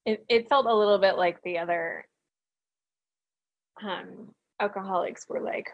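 A woman chiming in during a casual chat with halting remarks. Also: medium pitch. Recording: dull, slightly muffled audio.

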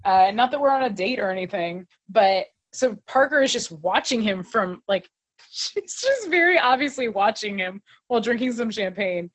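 A woman's voice: mid-range voice, animated, moderate pace. A woman co-hosting a podcast, chatting casually as she recaps an episode and quotes the characters. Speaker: podcast co-host.

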